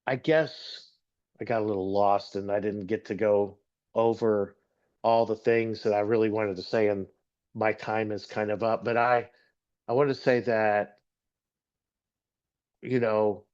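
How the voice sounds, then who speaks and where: A middle-aged man from Texas giving an earnest, halting personal testimony as a guest speaker, often repeating words as he gathers his thoughts. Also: fairly low pitch, fairly even intonation, a little mellow. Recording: dull lo-fi recording.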